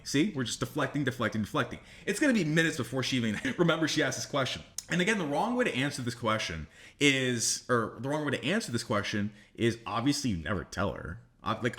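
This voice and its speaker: A man's voice: medium pitch, big pitch swings, a little fast, a bit bright. A man giving blunt dating advice straight to camera as a coach, swearing casually and acting out both sides of conversations. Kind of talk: direct-to-camera advice monologue.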